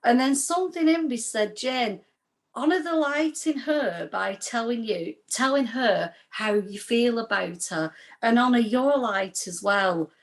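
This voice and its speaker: English woman, group member, earnest personal share over a video call; slightly high voice. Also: lively intonation, measured pace. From England. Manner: emotional, earnest storytelling. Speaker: study group participant.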